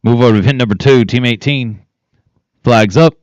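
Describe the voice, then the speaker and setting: A man's voice: medium pitch, normal speed, no room sound, highs cut off. A man announcing a team penning competition, calling out teams, times and cattle numbers. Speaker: arena announcer. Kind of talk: live event announcing.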